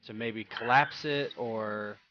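A man's voice: mid-range voice, takes it slowly, highs cut off. A man playing a tabletop game, blunt and joking as he declares his moves. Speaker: player.

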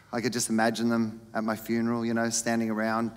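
A man's voice: fairly quick, big-room sound. A man with an Australian accent performing a stand-up comedy set, telling a story animatedly and acting out the people in it. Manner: animated storytelling, acts out characters with big pitch jumps. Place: comedy stage before a live audience.

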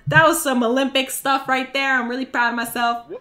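A young woman streamer giving excitable, exclamation-filled commentary while she plays a video game. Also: sits high, brisk, slight background noise. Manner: excitable, with frequent shrieks and exclamations. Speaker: gaming streamer. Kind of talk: reactive gameplay commentary.

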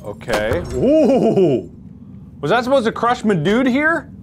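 A man in his thirties, a gaming YouTuber doing let's play commentary, animated and yelping as he plays in VR, winded from moving. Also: high voice, takes it slowly, background noise. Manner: animated, yelps and jokes while playing VR.

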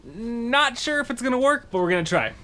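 A woman's voice: a little high, big pitch swings, brisk, slight background noise. A young woman vlogging a snowy day outdoors, chatting casually to a handheld camera and laughing often. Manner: chatty, laughs often, cheers loudly while sledding. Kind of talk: casual family vlog. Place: outdoors in snow.

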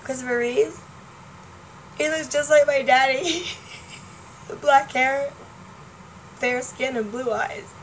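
A woman's voice: sits high, takes it slowly, pauses often, rough recording. Woman, 40s, vlogger; chatty and scattered, laughs a lot, faint noise behind. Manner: chatty, laughing, jumps between topics. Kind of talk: rambling casual chat to fans.

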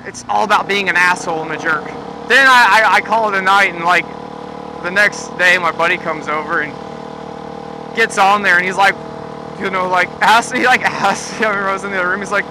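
A young man with a high-pitched voice tells a rambling, profane story to his camera, laughing often and piling up fillers. Traffic and engine noise are clearly heard behind him. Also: a little fast. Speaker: vlogger. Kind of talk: casual storytelling vlog.

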